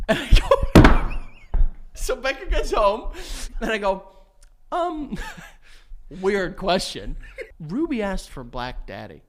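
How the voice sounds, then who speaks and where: Animated, high-voiced man telling stories. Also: slow, pauses often, slight background noise. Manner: animated storytelling, bursts of laughter. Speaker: podcast co-host. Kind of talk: casual chat.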